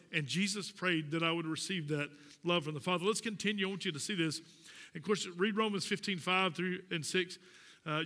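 A man's voice: high-pitched, bright, forceful tone, in a large hall. A man preaching a sermon as pastor, folksy and direct, joking with the congregation. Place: church sanctuary.

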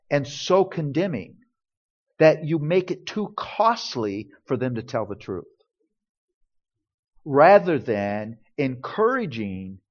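Pastor-type man, earnest sermon delivery, mid pitch, slightly dull lo-fi sound. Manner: earnest storytelling, acts out quoted dialogue. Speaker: pastor speaking on parenting. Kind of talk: sermon-style teaching and Q&A. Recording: dull lo-fi recording.

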